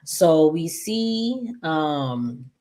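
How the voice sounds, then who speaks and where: Sassy low-voiced woman recapping soaps. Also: extremely slow. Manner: chatty, animated, sassy asides to viewers. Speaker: soap opera recap host. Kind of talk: casual episode recap.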